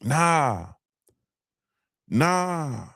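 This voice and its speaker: A man's voice: fairly high pitch, big pitch swings, drawn-out words, vocal fry, a bit bright, dry recording, studio quality. A man hosting a motivational live-stream talk, emphatic and blunt, repeating his points and cussing freely. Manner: emphatic, repetitive, blunt and profane. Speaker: host.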